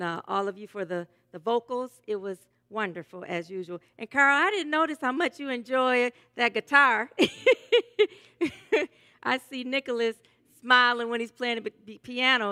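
A woman minister giving a sermon, loud and enthusiastic, laughing often. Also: medium pitch, clean tone.

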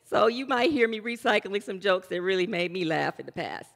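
A woman's voice: mid-range voice, animated, a little fast, vocal fry, hardly any pauses. A woman pastor giving a sermon in a church, chatty and loose, often restarting her sentences. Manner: warm conversational preaching with loose restarts. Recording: long hall reverb.

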